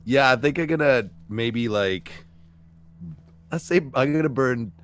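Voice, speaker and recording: A man's voice: medium pitch, unhurried, fairly bright tone, smooth. A man playing a tabletop game, easygoing and thinking aloud. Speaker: player. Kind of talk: casual game play chat.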